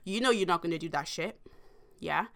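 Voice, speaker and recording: Young woman, lowish bright voice, chatty slangy storyteller with lots of fillers. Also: a little fast, vocal fry. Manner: animated, slangy, rambling with many fillers. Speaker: vlogger. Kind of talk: casual storytime monologue.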